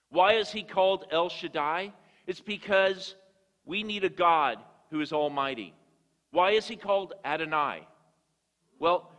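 A man delivers a storytelling sermon in a slightly high voice, stumbling and repeating words as he builds his points. His voice carries a long reverb from the church sanctuary. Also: fairly bright tone. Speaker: guest preacher.

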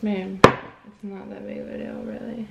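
A woman's voice: mid-range voice, normal speed, vocal fry, recorded from a distance, highs cut off, heavy background noise. Teasing young woman in an echoey room. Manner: teasing, deadpan, half-whining. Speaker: vlogger pranking her fiance. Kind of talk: casual couple prank banter.

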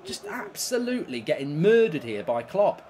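A man's voice: medium pitch, very animated, normal speed, slight background noise. A man streaming a football game, ranting and swearing about his play and reading chat messages aloud. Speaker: gaming streamer. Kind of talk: live gameplay commentary reading chat.

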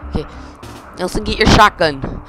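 A gaming channel host giving excitable let's-play commentary, talking to the game characters and shouting when things go wrong. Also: medium pitch, normal speed, over music.

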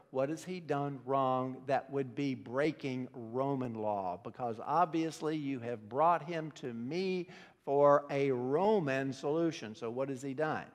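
A man preaching a sermon as pastor, teaching in a conversational way with frequent restarts. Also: sits high. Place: church sanctuary. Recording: long reverb of a church hall.

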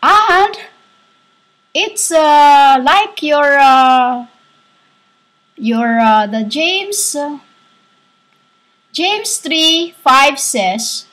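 A woman giving a rambling spiritual monologue, halting and searching for words, recorded on a laptop's built-in microphone. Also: high voice, lively intonation, fairly bright tone, rough recording. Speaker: self-styled spiritual speaker.

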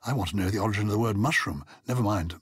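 A man's voice: on the low side, rapid-fire, a bit bright, slightly rough, no echo, clean studio sound. An older man co-hosting a podcast, chatting playfully and theatrically and reading listener letters aloud. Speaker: podcast co-host. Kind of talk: casual chat about words.

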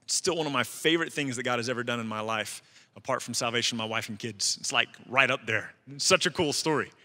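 A man's voice: mid-range voice, fast talker, bright, forceful tone, in a large hall. A man preaching a sermon as a pastor, telling a personal story in a conversational way with asides to the congregation. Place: church sanctuary.

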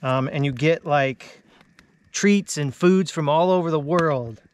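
A man's voice: on the high side, takes it slowly. A man in his thirties chatting casually with his family in a laid-back way, chuckling often between fillers. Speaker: vlogger, father. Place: inside a large tent.

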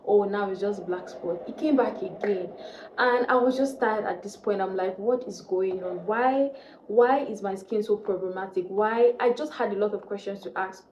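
A woman's voice: medium pitch, normal speed, a little mellow, reverberant, slight background noise, low-quality recording. A young woman vlogger from Nigeria telling a faith testimony, earnest and repeating key phrases for emphasis.

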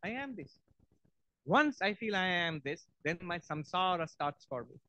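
Male monk lecturer, lively storyteller, slightly higher pitch, dry lo-fi sound. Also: normal speed, no echo. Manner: animated, acts out story parts. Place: university lecture hall.

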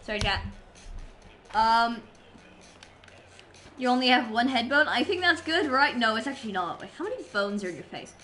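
Excitable young woman rambling on stream. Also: a little high, normal speed, long pauses, soft background music. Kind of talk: casual chat while gaming. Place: home streaming setup.

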